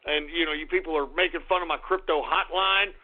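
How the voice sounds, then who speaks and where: A man hosting a radio show, ranting angrily, swearing and swinging between low grumbling and shouting. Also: steady tone, fairly quick. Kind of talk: ranting call-in radio talk. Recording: tinny phone-like radio recording.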